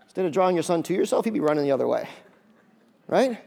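A male pastor giving a conversational sermon with jokey asides and lively emphasis. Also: on the high side, fast, gravelly.

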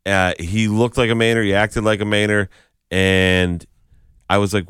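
A man's voice: on the low side, level tone, unhurried, fairly bright tone, clean tone, dry recording, studio quality. A man co-hosting a morning radio show, chatting casually and telling stories, acting out other people's lines as he goes. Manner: storytelling, chatty, acts out quoted lines.

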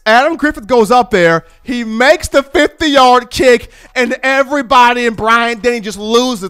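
A man giving sports talk commentary, an animated storyteller who acts out the fans he describes. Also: extremely high pitch, measured pace, hardly any pauses, clean tone. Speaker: football commentator.

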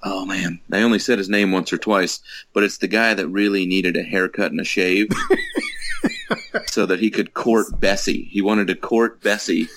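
A man's voice: sits low, wildly swooping pitch, moderate pace, a bit bright, slight background noise. A man in casual podcast chat about a movie, amused, with hesitant fillers.

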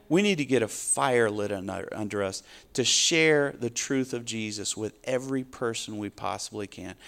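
A man's voice: mid-range voice, gravelly. A man preaching a sermon, delivering rising, emphatic appeals and closing in prayer. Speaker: pastor.

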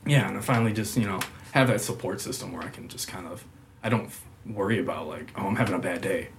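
A young man speaking candidly in conversation, halting and full of fillers like "like". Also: deep voice, creaky, a little hiss or hum. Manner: halting, filler-heavy, lots of "like".

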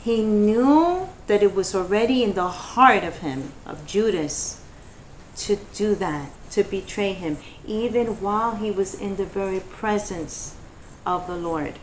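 A woman's voice: mid-range voice, measured pace, a little hiss or hum. A woman leading a devotional Bible study, reading verses and rising into fervent prayer.

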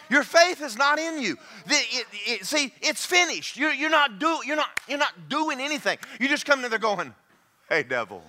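A man preaching a sermon in an animated way, shouting, laughing and putting on mocking voices. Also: extremely high pitch.

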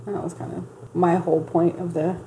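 A woman's voice: lowish voice, flat delivery, fairly quick, warm tone, a little hiss or hum, rough recording. A woman with a Southern US accent, ranting in casual podcast chat and swearing freely. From Southern United States. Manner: profane, ranting, fired up. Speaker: podcast co-host.

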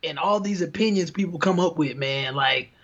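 Young guy on a podcast, laid back and slangy, kinda high voice, muffled lo-fi sound. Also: moderate pace, a bit bright. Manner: laid-back slangy, says "man" and "dog" often. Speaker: podcast co-host. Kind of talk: casual chat.

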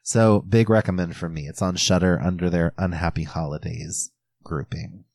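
A man's voice: deep voice, steady tone, normal speed, a little mellow, dry recording. A man co-hosting a podcast, chatting casually with dry, joking remarks. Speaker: podcast co-host.

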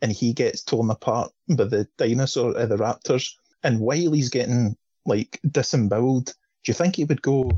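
A man with a slightly husky voice, co-hosting a casual film chat with jokes. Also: mid-range voice, moderate pace, warm tone, dry recording, dull audio. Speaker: podcast co-host.

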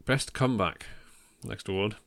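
A man's voice: on the low side, moderate pace, gravelly, a bit bright, dry recording. A man hosting a casual film podcast, talking in a wry way with many ums and chuckles at his own jokes. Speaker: podcast host.

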